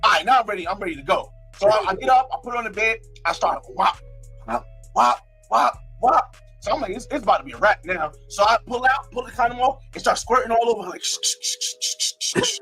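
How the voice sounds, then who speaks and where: Young man, from North New Jersey, casual storytime, brash, higher voice, slightly husky. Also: lively intonation, rapid-fire, few pauses, sharp tone, soft background music. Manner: brash, repetitive, acts out his own quotes. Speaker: live streamer telling a story.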